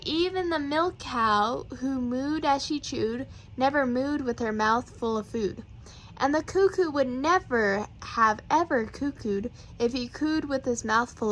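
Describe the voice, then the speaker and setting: A woman reading children's poems aloud, with playful, rhythmic and expressive delivery. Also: a little high, rough recording. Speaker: reader.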